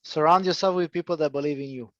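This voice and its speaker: High-voiced fast-talking man organizer. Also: a bit bright. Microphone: video call. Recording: dull lo-fi call audio.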